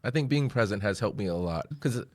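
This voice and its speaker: Podcast co-host, man, quick and reflective, close dry mic. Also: lowish voice, lively intonation, darkish tone, dry recording. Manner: reflective, upbeat. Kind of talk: casual podcast chat.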